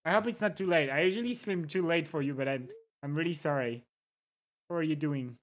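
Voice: medium pitch, fairly quick. A livestreamer in casual chat, reading viewer messages aloud, greeting people, and repeating words with amusement.

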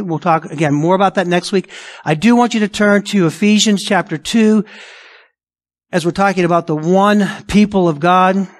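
Emphatic high-voiced male pastor preaching. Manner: emphatic, animated preaching with rhetorical questions; acts out imagined objections in a raised voice. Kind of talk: sermon.

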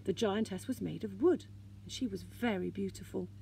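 A woman teacher reading a children's storybook aloud in a gentle, expressive way. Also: medium pitch, moderate pace, creaky, a little hiss or hum.

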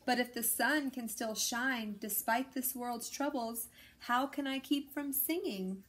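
A plucky storybook rooster, stubborn and cheerful, with a high, bright, sing-song voice, as a woman reading puts him on. He answers every threat with calm defiance, at an unhurried pace. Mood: defiant cheer.

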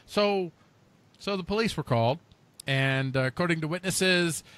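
A man's voice: on the high side, moderate pace, fairly bright tone, smooth. A man co-hosting a podcast, playfully reading out odd news stories with mock outrage. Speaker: co-host.

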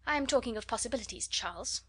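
A woman voicing a haughty young society lady who mocks and flatters in a scornful, affected way, in a storybook reading. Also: fairly high pitch, fast, husky. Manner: scornful, mocking.

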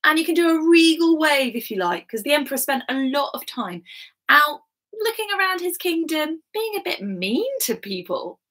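A woman's voice: high voice, very animated, normal speed, a bit bright. A woman at home leading an interactive children's story time, coaxing and talking straight to the kids.

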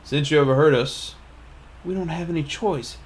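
A man's voice: fairly high pitch, normal speed, slight background noise, close to an everyday voice. Man doing a blustering kidnapper thug. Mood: threatening. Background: game music.

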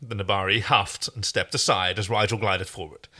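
A man co-hosting a podcast, reading fan fiction aloud in an animated, joking way. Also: lowish voice, moderate pace. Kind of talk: casual fanfic reading with banter.

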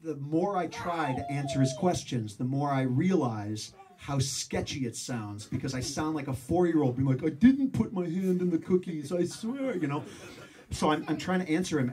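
A man tells a story to a room full of people, animated and self-mocking, slipping into little voices as he goes. His pitch sits in the middle. The mic is some way off, so he sounds distant. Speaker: speaker telling a story to a live audience. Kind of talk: storytelling talk. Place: room with a live audience.

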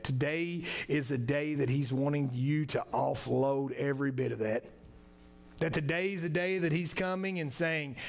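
A man's voice: a little high, gravelly. A man preaching a sermon in a church, earnest and repetitive, often tagging his sentences with "right?". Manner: earnest, repetitive, frequent "right?" tag questions. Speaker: pastor. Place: church sanctuary.

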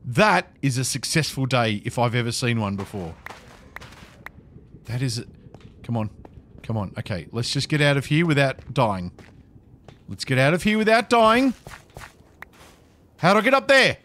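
A man's voice: mid-range voice, big pitch swings, moderate pace, long pauses, a bit bright, slight background noise. A man giving casual gameplay commentary, talking to himself as he plays and repeating phrases with nervous chuckles. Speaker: gaming video creator.

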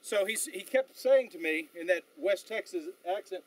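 A man leading a battlefield tour outdoors, telling stories in an animated way with frequent fillers and restarts. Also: sits high, rough recording. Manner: animated storyteller, halting with fillers. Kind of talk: outdoor guided tour talk.

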